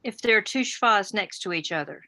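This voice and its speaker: Bright, dry-sounding woman student. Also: medium pitch, animated, normal speed, dry recording. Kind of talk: asking questions in a class.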